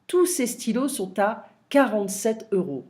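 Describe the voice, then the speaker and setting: Woman reading helpful polite shop saleswoman, mellow voice. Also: fairly high pitch, very animated, moderate pace. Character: courteous female shop saleswoman.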